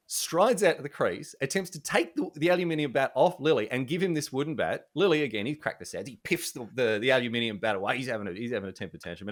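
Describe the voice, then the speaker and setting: A young Australian man, a journalist, telling jokey anecdotes in a casual, animated way. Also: medium pitch. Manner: animated, jokey, laughs often. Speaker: journalist guest.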